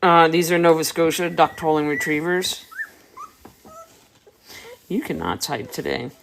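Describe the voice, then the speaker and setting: A woman dog breeder chats to her livestream viewers and answers their comments while she tends her puppies. Her voice sits a little low. A faint noise hangs behind her. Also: a little slow, vocal fry. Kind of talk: casual livestream chat.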